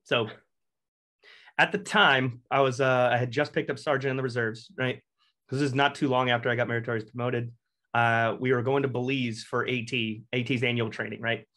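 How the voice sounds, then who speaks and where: A young man from Texas, a Marine veteran guest, telling a long anecdote in a casual, animated and profane way. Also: mid-range voice. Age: young adult. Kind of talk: casual storytelling.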